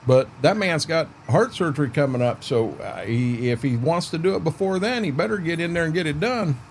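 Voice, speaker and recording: A man's voice: a little high, animated, fairly quick, slight background noise. A man chatting casually on a livestream while playing a farming game, rambling in a folksy way to his viewers and his dog.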